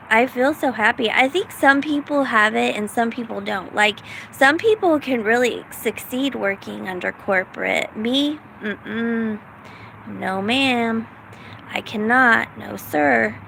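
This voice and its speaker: A woman's voice: fairly high pitch, unhurried, creaky, fairly bright tone, slight background noise, low-quality recording. A middle-aged woman from the United States, rambling casually in a self-deprecating vlog with lots of fillers. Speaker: vlogger.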